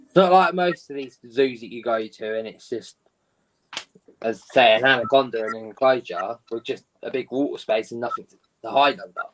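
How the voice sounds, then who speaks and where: A man's voice: mid-range voice, slight background noise, low-quality recording. A man chatting casually as a guest, rambling and informal. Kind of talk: casual chat.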